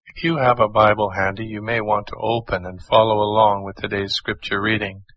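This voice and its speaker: A man hosting a church radio broadcast, calmly introducing the music and the scripture reading. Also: on the low side, fairly quick, muffled recording.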